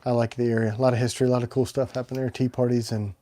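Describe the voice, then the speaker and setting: A man's voice: medium pitch, level tone, very fast, dark tone. A middle-aged man hosts a casual chat about the knives he makes. His talk wanders from one tangent to the next and is full of jokes and laughter. He grew up in Michigan's Upper Peninsula. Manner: rambling and jokey, often laughing. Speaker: knife maker hosting a livestream.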